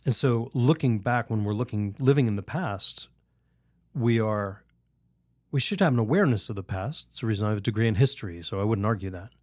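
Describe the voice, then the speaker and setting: A man, a priest on a podcast, telling a story and teaching in a lively, rambling way. He laughs often and restarts his sentences. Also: fairly low pitch, brisk, no room sound, studio quality. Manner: animated, laughs while telling stories; rambling restarts, many "you know"s. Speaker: Catholic priest, podcast guest.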